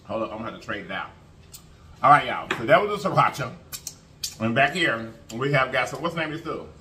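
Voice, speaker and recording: A man's voice: mid-range voice, lively intonation, fast, bright, forceful tone. A man hosting an eating show, chatting casually to his viewers and humming as he eats. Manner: chatty, folksy, keeps addressing viewers, hums while eating. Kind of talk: casual mukbang chat to viewers.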